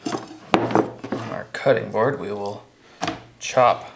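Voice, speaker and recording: A man's voice: lowish voice, fairly even intonation, drawn-out words, vocal fry, roomy sound, background noise. A man hosting a casual cooking demonstration in a kitchen, joking and poking fun at himself as he rambles through the recipe. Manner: joking, self-mocking, rambling. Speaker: outdoor cooking show host.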